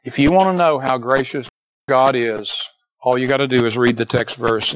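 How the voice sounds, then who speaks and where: An older man preaching a sermon as pastor, swinging from loud emphatic peaks down to quiet, low passages and repeating rhetorical questions to the congregation. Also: moderate pace, slight background noise, poor audio. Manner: repeats "Can I tell you" and asks for amens.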